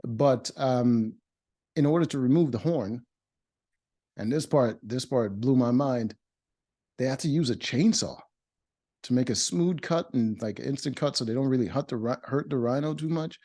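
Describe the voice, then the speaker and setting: A man's voice: medium pitch, moderate pace, warm tone. A man casually reviewing a reality show episode, blunt and opinionated, with many fillers and restarts. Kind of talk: casual recap commentary.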